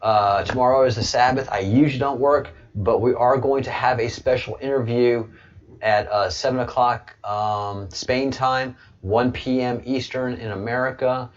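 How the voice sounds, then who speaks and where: A man's voice: mid-range voice, fairly even intonation, normal speed. A man hosting a casual live chat stream, rambling with chuckles and many hesitant fillers. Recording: dull lo-fi stream audio.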